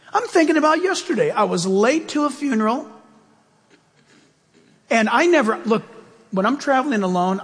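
A man preaching a sermon as a pastor, telling a self-deprecating story with animated asides. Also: very high-pitched, breathy edge, in a large hall.

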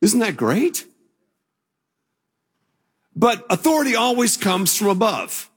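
Older pastor guy preaching slow and husky, talky storytelling then punchy, big hall echo. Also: sits high, huge pitch swings, a bit bright. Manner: conversational storytelling, rising to emphatic proclamation. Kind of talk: sermon.

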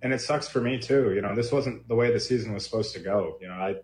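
A deeper-voiced baseball player speaks haltingly, restarting his sentences as emotion builds. The clip sounds roomy, with a faint hum behind him. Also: darkish tone. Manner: halting, emotional, many restarts and "you know". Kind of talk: interview clip.

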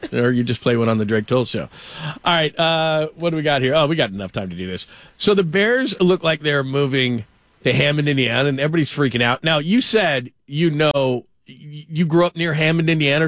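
Male show host, slightly high voice, dry close sound, casual animated sports rant. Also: no room sound. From Los Angeles. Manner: animated, ranting, mock quoting.

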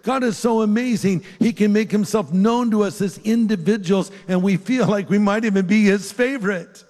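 An older man preaching a sermon and leading an altar-call prayer, earnest and pleading, rising on key phrases and dropping soft to pray. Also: sits high, normal speed. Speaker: pastor. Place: large church hall with a live congregation. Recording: long hall reverb.

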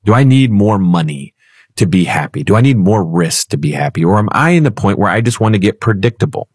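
A man's voice: on the low side, big pitch swings, brisk, slightly rough, dry recording, studio quality. A man co-hosting a financial radio show, chatting in a playful, storytelling way. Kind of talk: casual talk radio chat.

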